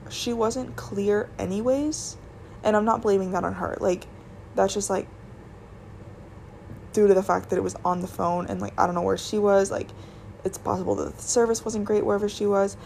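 Chatty young woman with vocal fry. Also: mid-range voice, a little mellow, a little hiss or hum. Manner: chatty and rambling, many "like" fillers, restarts. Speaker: retail worker telling work stories. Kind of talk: casual storytime vlog.

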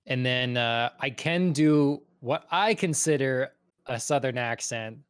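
Relaxed man hosting a stream, dry sound. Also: mid-range voice, slow, smooth, dry recording. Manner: relaxed, hesitant, many fillers. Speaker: stream host. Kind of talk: casual chat on a stream.

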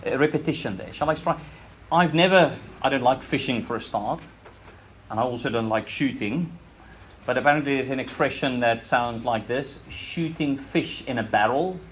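A man's voice: medium pitch, normal speed, fairly bright tone, a little hiss or hum. A man with a South African accent preaching a sermon in church, earnest, often repeating words and restarting phrases as he presses his points. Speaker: pastor.

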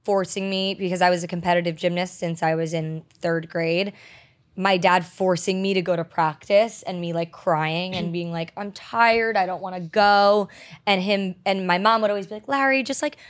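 A woman co-hosting a podcast, talking in a relaxed, earnest way with lots of fillers. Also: lowish voice, normal speed. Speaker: podcast co-host. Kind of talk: casual chat.

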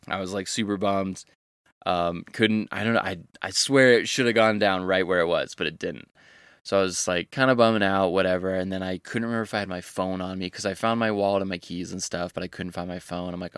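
A man's voice: sits low, steady tone, brisk, fairly bright tone, smooth, dry recording, studio quality. A young man working as a fishing guide, telling a casual, rambling story on a podcast with lots of slang.

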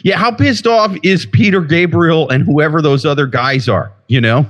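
A man's voice: on the high side, moderate pace. A man co-hosting a podcast, joking bluntly and swearing freely in casual chat. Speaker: podcast co-host.

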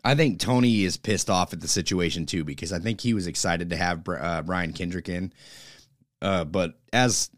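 A man's voice: deep voice, normal speed, no room sound, clean studio sound. A man co-hosting a casual wrestling podcast, laid-back and blunt. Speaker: podcast co-host.

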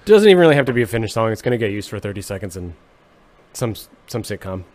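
A young man, a musician, on a podcast, chatting casually in a deadpan, mock-serious joking way. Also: fairly low pitch, fast talker. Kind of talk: casual comedic chat.

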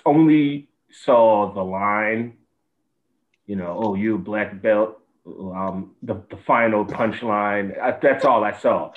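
Rambling podcast co-host man, dull audio. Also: lowish voice. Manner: rambling, with many restarts and fillers. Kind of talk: casual chat.

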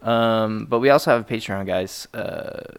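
A man's voice: on the low side, normal speed, gravelly, clean tone. A young man hosting a podcast in casual banter, laid-back and swearing freely. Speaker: podcast host.

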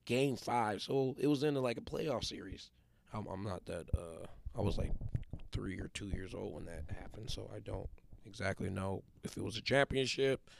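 A man's voice: lowish voice, normal speed, creaky, slight background noise. A man, hosting a podcast with a casual, emphatic motivational monologue and often checking in with his listeners. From Detroit. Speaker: podcast host.

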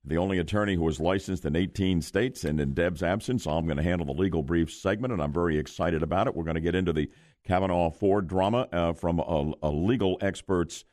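Male morning radio host, low voice, chatty banter. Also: darkish tone, dry recording, studio quality. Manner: chatty, quick to react and joke. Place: radio studio. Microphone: studio microphone.

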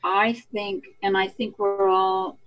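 A woman's voice: mid-range voice, big pitch swings, slow, creaky, dull audio. A woman guest, an equine therapist, talking earnestly and with animation in a casual interview.

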